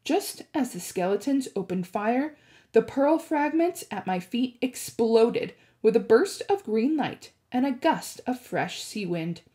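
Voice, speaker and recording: A woman teacher reading a chapter book aloud and discussing it, with expressive, animated storytelling. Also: on the high side, measured pace.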